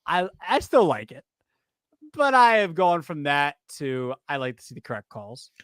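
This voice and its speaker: A man's voice: a little high, sing-song, moderate pace, fairly bright tone, clear, resonant tone, dry recording. A man co-hosting a casual sports chat, rambling and interrupting himself with joking asides. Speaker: podcast co-host.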